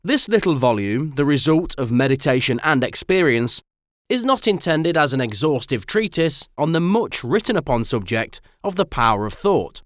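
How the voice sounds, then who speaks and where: A man narrating an audiobook in a measured, expressive reading style. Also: fairly high pitch, no room sound, studio quality. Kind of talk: scripted narration.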